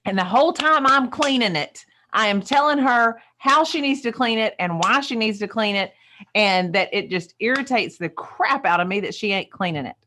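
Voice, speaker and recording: A woman's voice: a little high, lively intonation, normal speed, pushed and bright, slight background noise. A woman, co-hosting a casual coaching chat and telling stories in an emphatic, folksy way.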